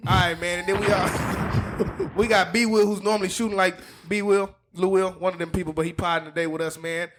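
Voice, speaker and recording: A man's voice: high-pitched, fairly even intonation, a little fast, background noise. A young man hosting a casual podcast with friends, loose and joking, laughing often. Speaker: podcast host. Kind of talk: casual chat.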